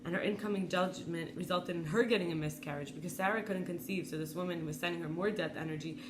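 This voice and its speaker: A woman talking reflectively and reading personal letters aloud in a soft, halting, confessional way. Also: fairly low pitch. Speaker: wellness vlogger. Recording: echoey room with faint ambient noise.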